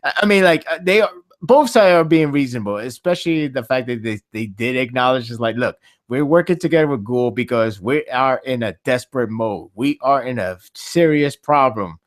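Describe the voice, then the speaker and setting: A man hosting a podcast in casual chat, laughing often and jumping between quick tangents. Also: medium pitch, lively intonation. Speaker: podcast host.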